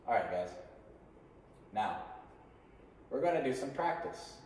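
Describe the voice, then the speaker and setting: A man's voice: medium pitch, sing-song, a little slow, long pauses, darkish tone, slight background noise. A man teaching an online English class, patiently drilling sentence patterns for students to repeat. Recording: echoey room from a distance.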